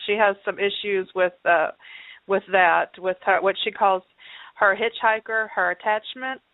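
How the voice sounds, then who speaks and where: A woman's voice: medium pitch, steady tone, measured pace. A woman co-hosting a show, asking a long, hesitant question full of fillers. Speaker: podcast co-host. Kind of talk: interview question. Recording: tinny phone line.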